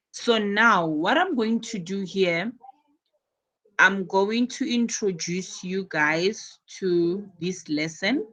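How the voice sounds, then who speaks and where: A woman teaching an English class, slow and encouraging, often repeating her words. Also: medium pitch, a bit bright, low-quality recording.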